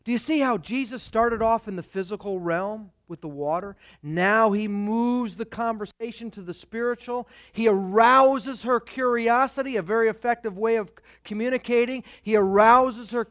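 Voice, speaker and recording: Man, pastor, sermon, animated delivery, high voice, dry recording. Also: normal speed, hardly any pauses, no room sound. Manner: animated, acts out quoted voices.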